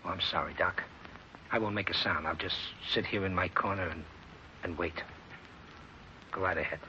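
A sardonic, deep lawman. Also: fairly even intonation, normal speed, bright, forceful tone, slight background noise. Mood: mocking. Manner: dry, mocking. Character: sardonic male lawman in pursuit. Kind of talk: 1940s radio acting. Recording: lo-fi old radio recording.

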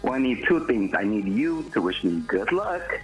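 A man's voice: medium pitch, big pitch swings, moderate pace, faint music behind, close to an everyday voice, rough recording. A man putting on a French soccer star with a put-on French accent, calling a radio show. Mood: cool. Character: French star soccer player impression, slow and deep.

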